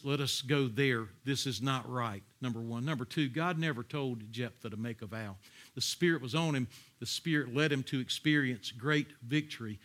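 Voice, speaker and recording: A man preaching a sermon, explaining scripture in an animated way and acting out voices with sudden loud outbursts. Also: mid-range voice. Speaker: pastor.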